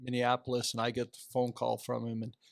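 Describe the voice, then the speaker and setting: Older man telling lively stories, dry studio sound. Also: mid-range voice, a little fast, gravelly, dry recording. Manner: animated anecdotes, acts out quoted voices. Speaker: guest, retiring athletic director. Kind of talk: casual storytelling interview.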